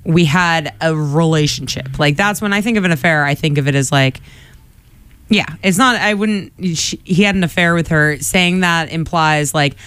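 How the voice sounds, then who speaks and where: Smooth-voiced chatty male radio host. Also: fairly high pitch, moderate pace, fairly bright tone, dry recording. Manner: chatty, lots of "like" fillers, laughs easily. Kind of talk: casual radio talk. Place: radio studio.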